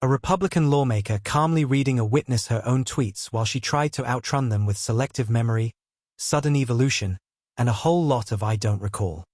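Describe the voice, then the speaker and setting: A man's voice: medium pitch, fairly quick, a little mellow, no room sound. Male online commentator, scripted, punchy and sarcastic; dry, close recording.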